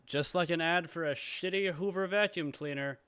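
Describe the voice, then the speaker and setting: A man's voice: fairly high pitch, normal speed, fairly bright tone, smooth, dry recording. A man giving sarcastic comedic voice-over commentary on a video, with mock-grand asides. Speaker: commentary YouTuber.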